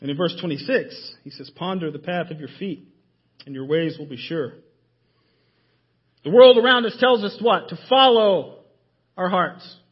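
A man preaching a sermon in a church, emphatic and full of rhetorical questions, often dropping his voice low to stress a point. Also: normal speed, pauses often, slightly rough, lo-fi sound. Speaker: pastor. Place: church sanctuary.

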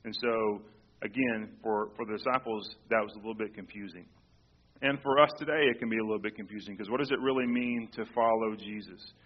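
Male pastor, conversational sermon, halting restarts, dull lo-fi church recording. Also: on the low side. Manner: conversational with frequent restarts and repeated words. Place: church sanctuary.

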